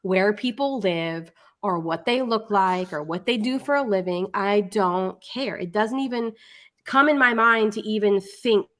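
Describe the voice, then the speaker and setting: A woman's voice: medium pitch, measured pace, fairly bright tone. A woman co-hosting a casual livestream, blunt and exasperated, swearing now and then. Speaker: co-host, channel owner.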